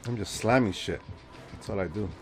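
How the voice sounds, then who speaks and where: Over music, a man in his forties with a gravelly, lowish voice talks briskly to his chat while playing a game live. Jokey and chatty, he shifts between mumbling and sudden loud outbursts.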